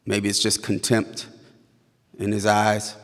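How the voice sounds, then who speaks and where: A man telling a personal story live on stage, halting and stammering at tense moments. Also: lowish voice, monotone, fairly bright tone, big-room sound.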